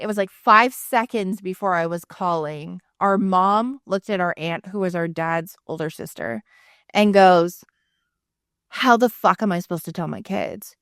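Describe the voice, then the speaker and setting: A woman's voice: lowish voice, no echo, clean studio sound. A woman in her thirties co-hosting a podcast, telling a personal story candidly and with frequent swearing. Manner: frank, swears freely, animated retelling. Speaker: podcast co-host.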